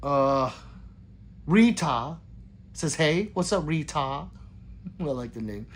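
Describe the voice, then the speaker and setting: A man's voice: a little high, animated, takes it slowly. A man hosting a casual livestream, rambling and joking as he reads viewer comments aloud. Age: adult with children. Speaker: livestream host reading chat.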